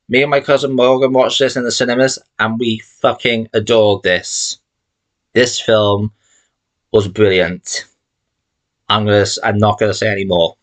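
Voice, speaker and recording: A channel host shows off his film collection, talking casually to camera in a rambling vlog full of emphatic opinions. His voice sits on the low side and is a bit bright.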